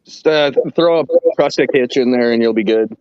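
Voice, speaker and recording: A man's voice: medium pitch, moderate pace, clear, resonant tone, no room sound. A man in casual chat, telling stories with a lot of swearing. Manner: profane, animated storyteller. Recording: dull, dry lo-fi audio.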